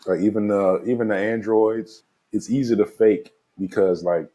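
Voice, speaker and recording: A man with a deep voice talks through a movie in a relaxed, conversational way. His tone is dark and mellow, with a husky edge. He recaps scenes loosely, leaning on filler words. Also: normal speed, muffled recording. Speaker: podcast co-host. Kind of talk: casual movie review chat.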